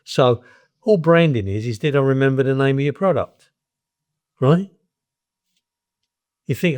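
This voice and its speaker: A man's voice: medium pitch, lively intonation, normal speed, pauses often, a little mellow. An older man, a veteran of advertising, talking bluntly and plainly as a guest in a podcast interview. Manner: blunt, plain-spoken, repeats words when starting.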